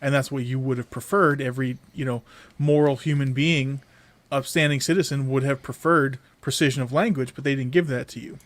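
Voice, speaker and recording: A man co-hosting a podcast, explaining his view in casual chat with a wry, measured manner. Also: mid-range voice, steady tone, no room sound. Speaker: podcast co-host.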